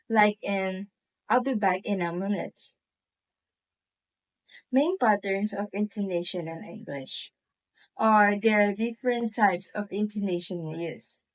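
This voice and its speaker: A woman with a Filipino accent, a student presenting a classroom lesson and reading examples aloud in a slow, deliberate way. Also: mid-range voice, poor audio.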